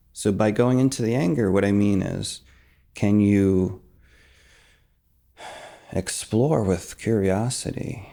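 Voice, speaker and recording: A man teaching emotional release in a calm, soft way, dropping into whispers as he acts out examples. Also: on the low side, vocal fry. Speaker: meditation teacher. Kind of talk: calm spoken guidance.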